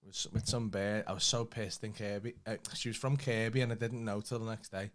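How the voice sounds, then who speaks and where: A man's voice: lowish voice, steady tone, fairly quick. A young man, co-hosting a casual podcast and telling rambling, sweary anecdotes. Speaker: podcast co-host. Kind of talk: casual chat, storytelling.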